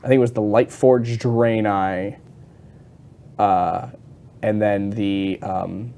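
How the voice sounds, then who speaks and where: A man co-hosting a casual gaming chat show, talking in an excitable, rambling way with many restarts and fillers. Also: on the low side, slow pace, a little hiss or hum. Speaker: podcast co-host.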